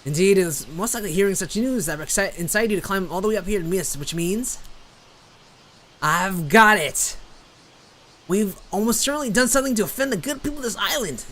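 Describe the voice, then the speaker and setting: A streamer voicing a mysterious male foreign traveler in a put-on American Southern accent, speaking in a slow, grand, theatrical way. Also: medium pitch, pushed and bright.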